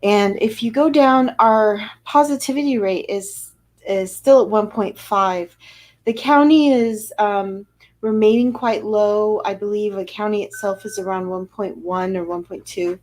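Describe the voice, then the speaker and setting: American woman doctor, mid-pitched, slow and chatty, walks listeners through the data. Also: darkish tone. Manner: unhurried, conversational, with fillers and restarts. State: a little out of breath. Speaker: physician giving a weekly update. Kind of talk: informal public health briefing.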